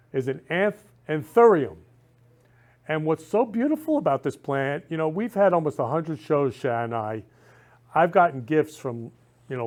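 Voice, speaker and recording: A man's voice: fairly high pitch, darkish tone. Effusive, gushing male talk show host. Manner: effusive, repeats "love" and "I love you" constantly; rambling with frequent restarts. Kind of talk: casual heartfelt talk show chat.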